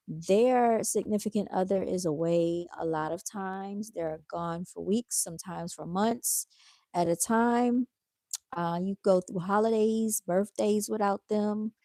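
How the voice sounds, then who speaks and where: A woman's voice: medium pitch, darkish tone, no room sound, clean studio sound. A tired woman, chatting casually to viewers on her livestream and reading their comments aloud. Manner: laid-back, addresses viewers as y'all. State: tired, yawning. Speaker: livestream host.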